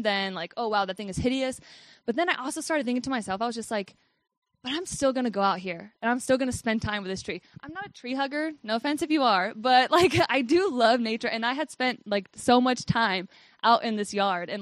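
A young woman with a fairly high voice tells a personal faith story in a chatty, rambling way, dropping "like" into nearly every phrase. The sound is dry and close, with no room around her. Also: dry recording. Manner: chatty, fills speech with "like", laughs often. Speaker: speaker sharing a faith testimony.

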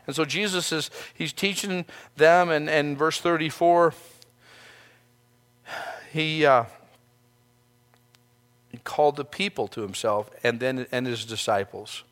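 A man's voice: a little high, slow, long pauses, a bit bright. A male pastor giving a sermon, speaking earnestly in a conversational way and often restarting his phrases.

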